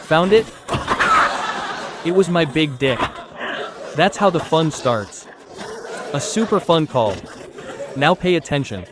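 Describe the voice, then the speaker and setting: A man's voice: fairly high pitch, slight background noise. A man doing stand-up comedy, telling a crude story with acted quotes.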